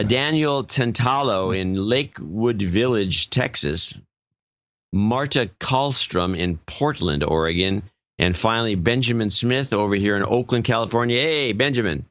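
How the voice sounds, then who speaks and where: A man's voice: on the low side, a little slow, fairly bright tone, dry recording. A male podcast co-host in casual chat, reading out donor names in an offhand way and stumbling over some of them.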